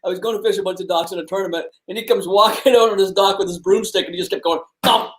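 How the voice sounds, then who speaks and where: A man's voice: sits high, steady tone, rapid-fire. A man co-hosting a live fishing show, telling stories bluntly, laughing and swearing as he talks.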